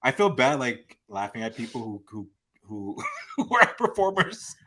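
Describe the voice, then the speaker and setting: Brief: young male podcast co-host, relaxed chatter, bright tone. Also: medium pitch. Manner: easygoing, laughs a lot, drawn-out fillers. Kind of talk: casual chat.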